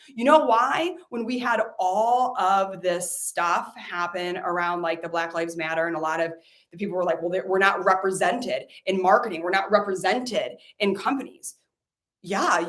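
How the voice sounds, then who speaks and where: A woman business coach giving a motivational talk, emphatic and blunt, with frequent fillers and swearing. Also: medium pitch. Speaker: business coach and podcast host.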